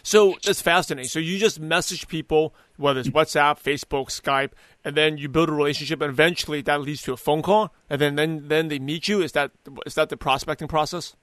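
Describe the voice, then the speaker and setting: A man's voice: a little high, fairly quick, a bit bright, no room sound. A male podcast host who interviews his guest with enthusiasm and speaks directly to his listeners. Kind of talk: interview hosting.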